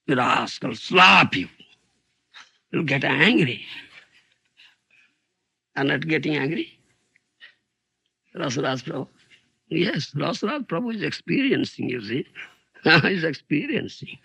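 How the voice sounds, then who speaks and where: Older man giving a slow, lively sermon. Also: a little high, creaky, breathy edge. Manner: rhetorical, asks "isn't it?" and "huh?" often; acts out dialogues with raised voice. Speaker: spiritual teacher giving a lecture.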